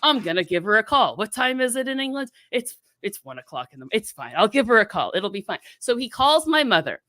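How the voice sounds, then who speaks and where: A woman from Florida telling a family anecdote in a casual talk, animated and acting out the people in it. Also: on the high side, fairly quick, no room sound, studio quality. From South Florida, US. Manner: animated, acts out voices in her anecdote. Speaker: guest. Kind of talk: casual storytelling.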